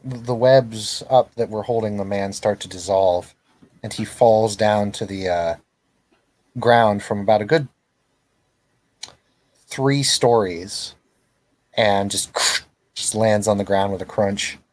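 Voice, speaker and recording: A man's voice: fairly low pitch, slow, pauses often, a little mellow. A man acting as game master, narrating scenes casually with joking asides.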